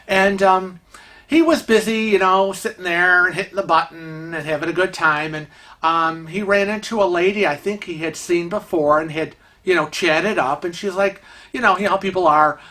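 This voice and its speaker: A man's voice: on the high side, sharp tone. Chatty man telling a cruise story. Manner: chatty, many fillers, laughs while telling. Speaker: vlog host telling a travel story. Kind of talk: casual storytelling.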